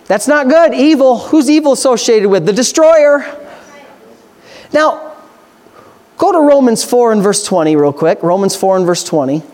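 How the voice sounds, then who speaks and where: High-voiced man preaching emphatically. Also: expressive, normal speed, pauses often, darkish tone. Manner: emphatic preaching with rhetorical questions and Scripture reading. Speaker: pastor. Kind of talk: sermon.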